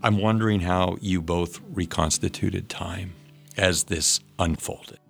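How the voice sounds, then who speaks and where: A man's voice: deep voice, fairly even intonation, takes it slowly, creaky, a bit bright, slightly rough, faint music behind. A man interviewing a guest, asking thoughtful, searching questions.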